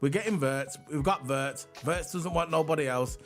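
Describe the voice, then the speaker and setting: A man's voice: on the high side, normal speed, faint music behind. A man co-hosting a casual livestream, chatty and rambling, hyping the chat and reading transfer news. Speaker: livestream co-host.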